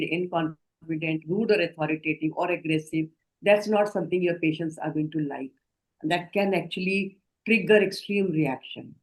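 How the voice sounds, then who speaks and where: A woman with an Indian English accent, leading a healthcare communication training session in a measured, explanatory way and often asking the group questions. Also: fairly low pitch, low-quality recording. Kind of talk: online training lecture.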